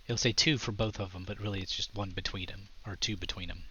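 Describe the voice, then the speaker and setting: A man's voice: deep voice, steady tone, fast, pushed and bright, a little hiss or hum. A man running an online tabletop game as dungeon master, casually walking a player through the rules and narrating the scene. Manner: casual, patiently explaining rules. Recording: dull lo-fi audio.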